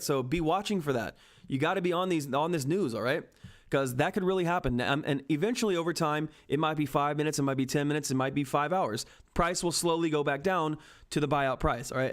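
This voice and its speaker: A man with a slightly raised voice hosts a stock trading livestream. He talks to his viewers excitably, calling them guys and checking in with "all right?" between thoughts. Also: fairly high pitch. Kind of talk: excited livestream market commentary.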